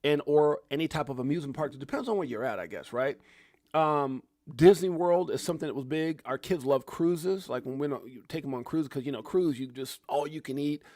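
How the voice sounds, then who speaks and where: A man's voice: on the high side, a little fast, darkish tone, dry recording, clean studio sound. A man in his forties hosting a livestream, casually reading out and answering viewer comments, laid-back and chatty. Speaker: livestream host.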